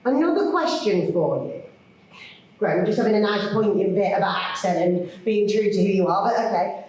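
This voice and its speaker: A woman, a children's author chatting to an audience in a lively, self-mocking way. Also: mid-range voice, brisk. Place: large hall. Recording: echoey hall from far off.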